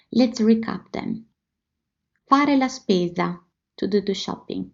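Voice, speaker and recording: A woman with an Italian accent teaching a language lesson, repeating phrases slowly and carefully for learners. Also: medium pitch, expressive, gravelly. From Italy. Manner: slow, careful repetition for learners. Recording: slightly dull lo-fi audio.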